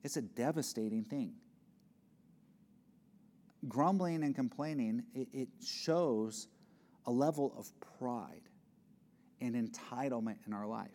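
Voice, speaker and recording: A man's voice: medium pitch, takes it slowly, long pauses, warm tone. A man preaching a sermon in an earnest, conversational way, often restarting his phrases. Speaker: pastor.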